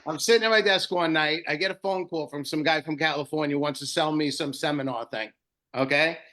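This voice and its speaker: Guy on a video call telling a big story, kinda high voice, gets all worked up and choked up. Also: fairly quick. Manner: animated, emotional, with swearing. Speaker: guest shop owner. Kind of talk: casual storytelling.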